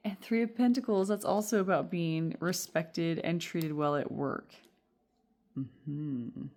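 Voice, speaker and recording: A woman's voice: lowish voice, takes it slowly, a little mellow. A woman giving a casual, reassuring tarot reading, chatty and rambling with fillers. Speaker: tarot reader.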